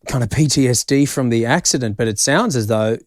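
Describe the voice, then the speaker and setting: A man's voice: mid-range voice, fairly quick, no echo. Australian male host, dry close sound, reactive and exclamatory. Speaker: podcast host. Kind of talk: casual interview chat.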